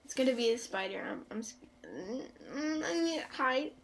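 A woman doing let's play commentary, joking around and breaking into loud startled outbursts. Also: high voice, lively intonation, normal speed, a little hiss or hum. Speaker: gaming YouTuber.

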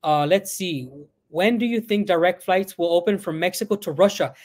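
A man's voice: sits high, normal speed. A man answering viewer questions on a casual live stream, reading questions aloud and rambling a little, sometimes switching into Spanish. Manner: rambling, reads out chat questions, mixes in Spanish.

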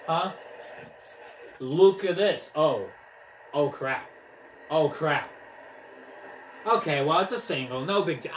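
A young man giving casual commentary on a motion game he is playing, excitable and trash-talking, out of breath as he swings a controller. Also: fairly high pitch, a little hiss or hum. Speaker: gaming vlogger. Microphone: camera mic from a few steps away. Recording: echoey room, distant from mic.

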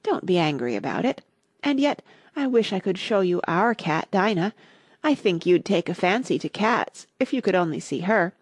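Woman doing a chatty curious little girl, polite, breathy, lively ups and downs. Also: medium pitch, dry recording, studio quality. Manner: eager, rambling, quick to apologize.

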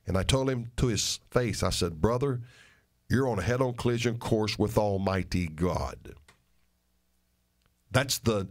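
An older man, a pastor, making an earnest and emphatic appeal to his listeners, repeating phrases for stress. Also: fairly low pitch. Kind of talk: radio sermon and ministry appeal.

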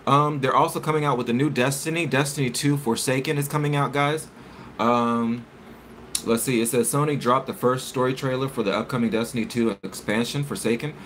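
A man's voice: mid-range voice, steady tone, fairly quick, fairly bright tone, a little hiss or hum. A man hosting a casual live stream, chatting with viewers and reading articles aloud with stumbles and self-corrections.

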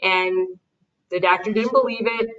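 Bright-voiced mother telling a story. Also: mid-range voice, unhurried. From United States. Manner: animated retelling with quoted dialogue and light laughs. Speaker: interview guest, mother. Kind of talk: conversational storytelling. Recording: distant, dull lo-fi recording.

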